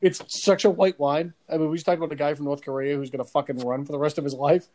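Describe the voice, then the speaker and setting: A man's voice: fairly high pitch, rapid-fire, low-quality recording. A man, telling stories in casual podcast chat, swearing freely and laughing at his own jokes. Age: 40s. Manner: profane, laughing, animated storyteller. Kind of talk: casual chat with profane storytelling.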